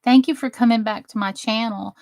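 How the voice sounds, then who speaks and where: A woman's voice: on the high side, fairly even intonation, a little fast, a little mellow, no room sound. A woman from New Jersey hosting a crafting livestream, chatting casually and greeting viewers by name as she works. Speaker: crafting channel host.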